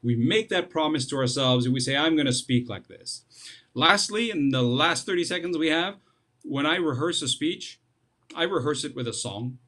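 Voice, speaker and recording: A man's voice: on the high side, expressive, moderate pace, bright, forceful tone. A middle-aged man, a speech coach, giving tips as a guest in a playful, joking, demonstrative way.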